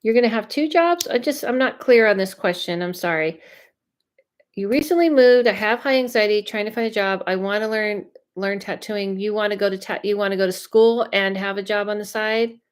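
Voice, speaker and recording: A woman psychic medium chatting on a live stream, reading viewer questions aloud, often restarting and thinking out loud as she talks. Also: mid-range voice, moderate pace.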